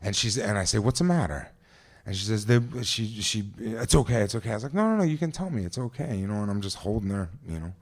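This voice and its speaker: A man's voice: fairly low pitch, animated, quick pace, a little mellow. A man from New Jersey telling a vivid first-person story on stage at a live event, talking conversationally with frequent restarts and asides.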